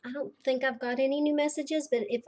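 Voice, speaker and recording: A woman's voice: high voice, fairly even intonation, brisk, a little mellow. A woman, hosting a casual livestream chat in a rambling, chatty way full of fillers and dramatic asides. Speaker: host of a blind community livestream.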